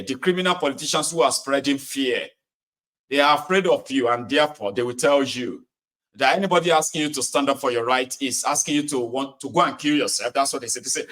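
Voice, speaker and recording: A man's voice: mid-range voice, expressive, a little fast, a bit bright. A man from Nigeria, hosting a call-in political show and taking callers, impassioned and repeating phrases for emphasis.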